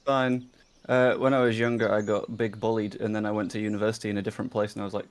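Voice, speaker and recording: A man's voice: on the low side, flat delivery, quick pace. A young man with a dry, joking manner, chatting casually with a friend over a voice call. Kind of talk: casual chat.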